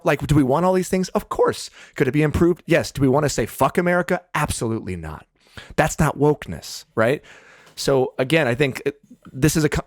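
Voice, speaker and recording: A man's voice: mid-range voice, no room sound. Earnest man hosting a podcast, dry sound. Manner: earnest, builds points with rhetorical questions. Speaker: podcast co-host.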